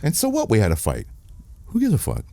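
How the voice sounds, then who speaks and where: A man, a film director being interviewed, telling a story in a candid, animated, profane way and acting out quotes. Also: medium pitch, quick pace, no echo.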